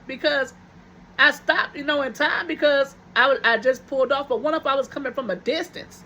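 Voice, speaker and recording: A woman's voice: sits high, fairly even intonation, normal speed, sharp tone, muffled recording, a little hiss or hum. A woman vlogger telling viewers a personal story in a casual, chatty way, repeating her phrases for emphasis.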